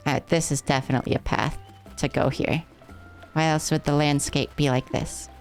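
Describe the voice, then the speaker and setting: A woman's voice: low voice, fairly even intonation, moderate pace, faint music behind. A woman streaming a game live, chatting playfully with her viewers as she plays. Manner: playful, rambling, chats with viewers.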